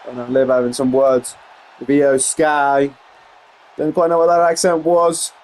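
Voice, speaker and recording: A man giving play-by-play commentary over a wrestling video game, getting excited on big moves and rambling into asides full of fillers. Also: medium pitch, measured pace, a little hiss or hum. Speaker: gameplay commentator.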